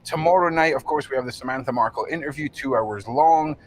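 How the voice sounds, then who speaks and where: A man hosting a relaxed livestream, introducing clips and thanking his viewers. His voice sits at an ordinary middle pitch, and he talks loosely, with fillers along the way. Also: fairly quick, a little hiss or hum. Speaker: livestream host.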